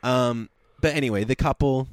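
A man's voice: mid-range voice, normal speed, no room sound, studio quality. A man co-hosting a casual podcast recap, reading quotes aloud and laughing often. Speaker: podcast co-host.

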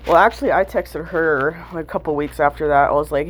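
A woman's voice: low-pitched, brisk, a little hiss or hum. Candid rambling young woman vlogger. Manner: candid, rambling, many fillers, swears. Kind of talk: casual storytime chat.

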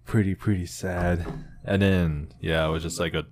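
Deep-voiced young man rambling through a story. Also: fairly even intonation, moderate pace, a little hiss or hum. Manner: rambling, filled with "like" and restarts. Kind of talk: casual storytelling chat.

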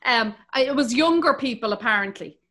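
A woman's voice: fairly high pitch, expressive, a little fast, a crowd in the background. A middle-aged woman hosting a podcast, chatting casually, swearing freely and acting out what people said. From Ireland. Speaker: podcast host. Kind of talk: casual chat.

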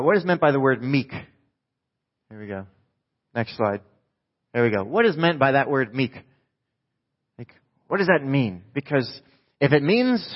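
A man's voice: mid-range voice, muffled recording. A man from New Jersey preaching a sermon as pastor, conversational and joking, often asking the congregation questions.

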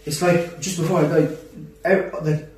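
A young man telling a personal story in casual talk among friends, animated and full of restarts. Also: fairly high pitch, normal speed. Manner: animated, acts out quotes, many restarts. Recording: roomy echo, distant mic.

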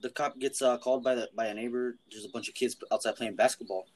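Brief: relaxed young man, mid-range voice, loose casual chat. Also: medium pitch, quick pace, low-quality recording. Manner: laid-back, chimes in with reactions.

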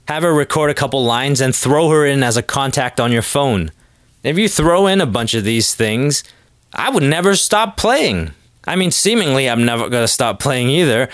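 A man's voice: medium pitch, fairly bright tone, no room sound, clean studio sound. A young man hosting his own podcast, rambling casually and making self-deprecating jokes. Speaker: podcast host. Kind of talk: casual solo monologue.

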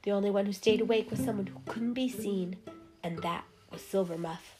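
Expressive woman reading a storybook. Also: medium pitch, fairly quick. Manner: lively and expressive. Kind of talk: storybook narration. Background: music.

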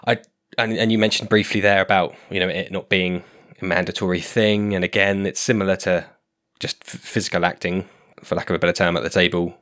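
A man hosting a casual group discussion, asking questions in a halting way and repeating his words. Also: low voice, steady tone, fairly bright tone. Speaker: podcast host.

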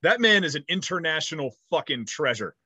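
Thirties guy rambling on a podcast, swears a lot, bright voice, dry sound. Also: a little high, fairly quick, husky, dry recording, lo-fi sound. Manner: rambling, animated storytelling with swearing. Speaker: podcast co-host. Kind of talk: casual chat.

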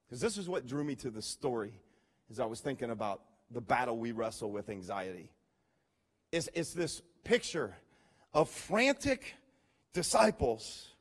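Preaching a sermon to his congregation, a man whose voice sits high moves between quiet earnestness and loud, dramatic storytelling, with direct appeals to listeners. He's a pastor.

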